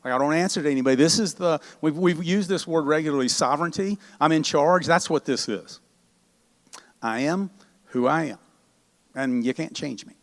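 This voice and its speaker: A middle-aged male pastor preaching a sermon in a chatty, animated storytelling manner. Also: a little high, moderate pace. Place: church sanctuary. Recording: long church hall reverb.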